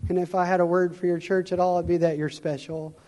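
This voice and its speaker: A man's voice: high voice, flat delivery, fast talker, dark tone. Earnest man preaching in an echoing hall. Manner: conversational storytelling, earnest. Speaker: guest speaker. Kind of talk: sermon. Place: church.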